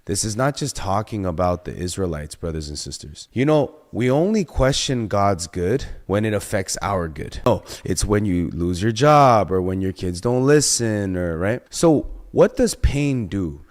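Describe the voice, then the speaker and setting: Emphatic low-voiced male preacher. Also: expressive, unhurried, hardly any pauses. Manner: emphatic, with sudden rises in pitch and volume and rhetorical questions. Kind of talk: sermon.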